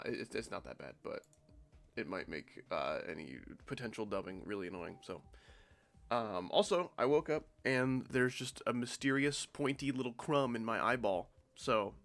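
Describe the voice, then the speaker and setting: A man's voice: on the low side, moderate pace, creaky, a bit bright. A young man streaming a game, congested and nasal-sounding, chatting in a rambling, offhand and jokey way. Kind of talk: casual live-stream chat.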